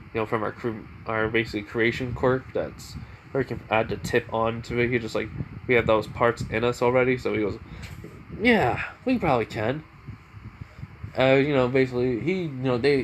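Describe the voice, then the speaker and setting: A man's voice: mid-range voice, a little hiss or hum, poor audio. A young man retelling his own fan story off the cuff, rambling with lots of fillers and self-corrections.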